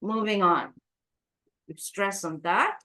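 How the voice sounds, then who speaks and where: A woman's voice: mid-range voice, sharp tone. A woman teaching an English lesson, drawing out words to model stress and asking learners questions. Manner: drawn-out modeling of word stress. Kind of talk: online business English lesson.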